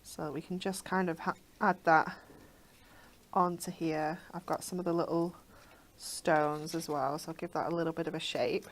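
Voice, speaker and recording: Woman craft host, low-pitched and gravelly, chatty step-by-step demo. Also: level tone, normal speed, a little hiss or hum. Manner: chatty, step-by-step, giggly asides. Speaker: craft TV presenter. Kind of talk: live craft demonstration.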